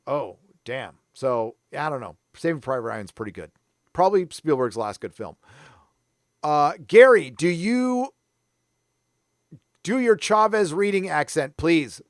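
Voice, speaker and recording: A man's voice: medium pitch, clear, resonant tone, no room sound, clean studio sound. A man from San Diego hosting a live stream, chatting casually in a rambling, self-deprecating way. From San Diego, California. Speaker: livestream host.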